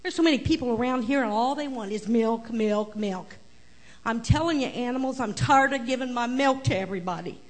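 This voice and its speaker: A woman's voice: on the high side, a little fast, lightly acted. A grumpy old milk cow as a woman puts her on, fed up and complaining. The voice is an everyday woman's voice with a sour, grumbling edge. It suits a church children's story.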